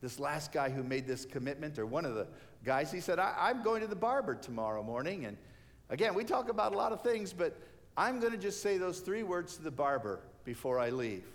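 A man's voice: a little high, very animated, a little fast. A man preaching a sermon, telling a story and acting out the lines of the people in it. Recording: hall reverb.

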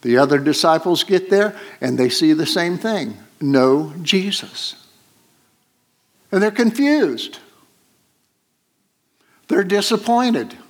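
A man preaching a Sunday sermon in a slightly high voice. He retells the story at an unhurried, halting pace, with frequent pauses and fillers. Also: animated.

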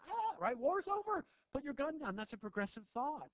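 A comedian's stand-up set in a small club finds him rambling provocatively and teasing the crowd into a handheld stage mic. His very high-pitched voice swings hugely in pitch at a slightly fast pace, captured dry with narrow, tinny audio.

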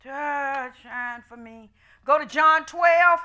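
High, bright-voiced woman preaching. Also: slow, highs cut off. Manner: shouting, call-and-response preaching. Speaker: pastor. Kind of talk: sermon.

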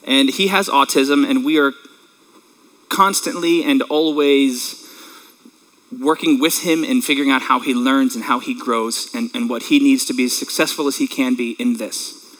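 A man in his thirties preaching a sermon in an earnest, conversational way, emotional and tearful at times, clearing his throat. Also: medium pitch, fairly even intonation, normal speed, fairly bright tone, low-quality recording. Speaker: pastor.

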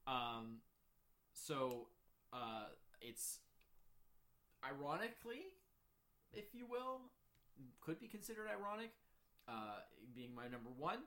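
Chatty man with eager rising pitch. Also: takes it slowly, pauses often. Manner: rambling, many "like" fillers, animated pitch jumps when excited. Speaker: co-host ranking films. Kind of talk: casual chat.

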